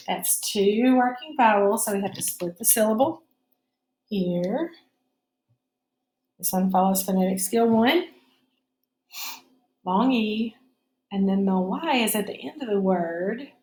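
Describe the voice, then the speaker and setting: Slow, patient woman teaching phonics. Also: medium pitch, darkish tone, reverberant. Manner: patient, step-by-step explaining. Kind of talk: phonics lesson.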